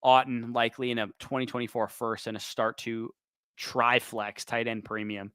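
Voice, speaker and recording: Bright, crisp man fielding rapid questions. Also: medium pitch, flat delivery, no echo. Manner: quick, listing names then picking one. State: losing his voice. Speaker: fantasy football show host. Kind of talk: livestream Q&A, rapid-fire start/sit answers.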